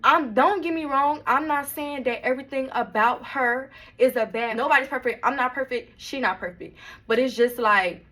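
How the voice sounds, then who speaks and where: A woman's voice: high voice, normal speed, sharp tone. A young woman vlogger, telling a storytime in a blunt, emphatic way and swearing freely. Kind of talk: storytime vlog.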